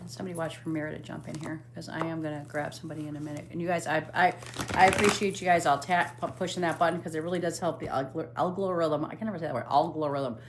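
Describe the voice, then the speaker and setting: A woman's voice: sits low, fairly even intonation, rapid-fire, a little hiss or hum. A woman hosting a live stream as a psychic medium, reading cards aloud in casual chat, swearing now and then and humming while she scrolls.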